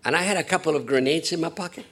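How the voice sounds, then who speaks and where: A man preaching a Sunday sermon as pastor, rambling and self-deprecating, swinging between hushed asides and loud emphatic lines. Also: on the high side, rapid-fire, slight background noise.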